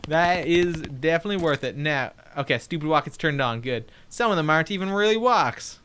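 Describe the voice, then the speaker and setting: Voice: medium pitch, lively intonation, normal speed, fairly bright tone, clean tone. A let's play host giving casual gameplay commentary, reading game text aloud with joking asides, chatting to viewers, swearing and laughing now and then.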